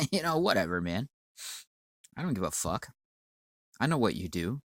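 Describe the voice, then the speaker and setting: Low-voiced man ranting with a head cold. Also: very animated, moderate pace, no echo. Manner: profane, rambling, stammering retort to a commenter. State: congested with a sinus cold. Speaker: channel owner. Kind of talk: ranting monologue.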